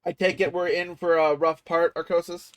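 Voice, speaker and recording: A man's voice: on the high side, flat delivery, normal speed, smooth, no echo. Young guy in slangy gaming banter. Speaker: streamer. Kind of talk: casual gaming chat.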